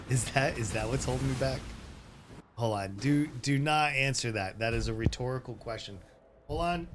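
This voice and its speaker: A man's voice: medium pitch, a little hiss or hum. A man streaming a game, chatting casually in a rambling way that keeps breaking off and often turns into laughter. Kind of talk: casual live-stream chat.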